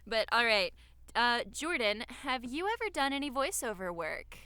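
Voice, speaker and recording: A young woman co-hosting a podcast in casual chat, upbeat and chatty with quick reactions. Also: fairly high pitch, big pitch swings, bright, forceful tone, clean tone, dry recording. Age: young adult. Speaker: podcast co-host.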